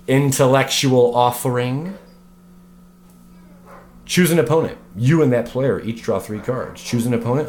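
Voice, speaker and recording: A man hosting a casual card review vlog at home, animated, swearing freely and breaking off into joking rants. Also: medium pitch, a little hiss or hum. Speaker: card game video host.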